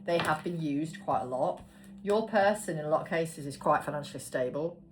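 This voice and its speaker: A woman's voice: deep voice, animated, normal speed, noisy background. A woman giving a casual tarot card reading, chatty and swearing casually as she talks. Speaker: tarot reader. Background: background music.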